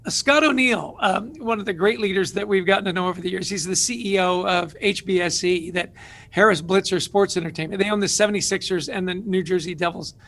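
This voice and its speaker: A man's voice: high-pitched, brisk, fairly bright tone. A middle-aged man, an author and guest, telling stories energetically in an interview with emphatic rhetorical questions.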